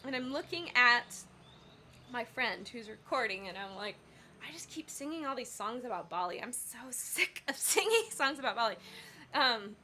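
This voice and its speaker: A woman's voice: on the high side, sharp tone, a little hiss or hum. A woman singer telling a rambling story on her casual livestream, with many fillers and self-corrections. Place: Bali.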